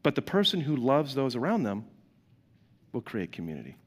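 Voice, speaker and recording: A man's voice: medium pitch, huge pitch swings, moderate pace, husky, in a large hall. A man delivering a sermon as pastor, in a conversational way, acting out quoted voices and asking the congregation questions.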